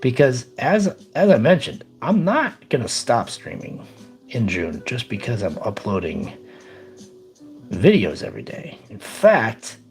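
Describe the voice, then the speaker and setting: A man casually chatting on his live stream, rambling upbeat as he reads out chat. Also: medium pitch.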